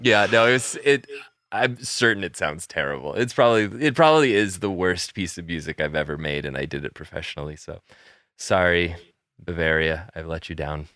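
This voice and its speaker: A man hosting a podcast, a lively, self-deprecating storyteller in casual conversation. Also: low voice, brisk, no room sound, clean studio sound. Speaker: podcast host and composer.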